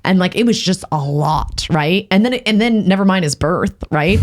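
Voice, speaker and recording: Lowish-voiced woman telling her story. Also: normal speed. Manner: candid storytelling, animated when quoting others. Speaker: podcast guest. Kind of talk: casual conversation.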